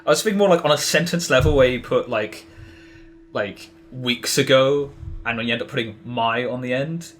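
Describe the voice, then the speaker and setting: A man's voice: medium pitch, normal speed, slight background noise. A man as a podcast guest, explaining in a rambling way with many restarts. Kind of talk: casual podcast conversation.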